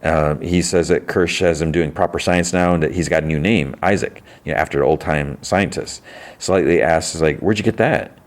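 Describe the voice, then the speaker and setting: A man's voice: a bass voice, normal speed. A man hosting a podcast, casually retelling a TV episode and quoting the characters' lines. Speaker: podcast host.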